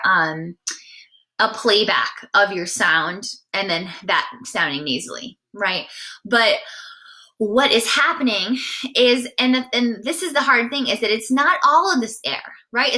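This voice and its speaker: Bright-voiced woman teaching singing. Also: mid-range voice. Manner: chatty, encouraging, often checks in with "right?"; demonstrates sighs and nasal sounds mid-explanation. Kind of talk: live-streamed singing lesson.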